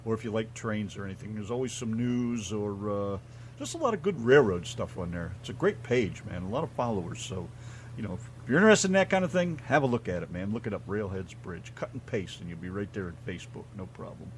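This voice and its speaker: Laid-back rambling American radio host. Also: male voice, fairly low pitch, animated, brisk, a little hiss or hum. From United States. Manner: laid-back, rambling, says "man" a lot. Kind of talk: casual radio chat.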